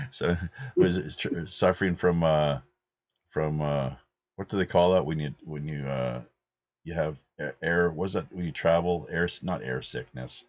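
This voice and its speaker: Man in his 50s, extremely low voice, dry close sound, rambling relaxed host. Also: measured pace, no echo. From British Columbia, Canada. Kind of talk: casual anecdotal chat.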